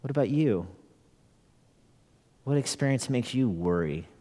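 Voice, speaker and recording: A pastor with a warm, mid-range voice preaches an unhurried, expressive sermon in a conversational style, earnestly putting rhetorical questions to his congregation. He repeats phrases for emphasis and chuckles now and then. The church setting gives a long hall reverb.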